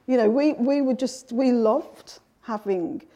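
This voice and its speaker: A woman's voice: a little high, measured pace, dark tone, muffled recording. A middle-aged woman author in an interview, telling her childhood memories in a reflective way with many restarts. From England. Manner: reflective storytelling with frequent restarts. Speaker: author, guest. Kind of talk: conversational interview.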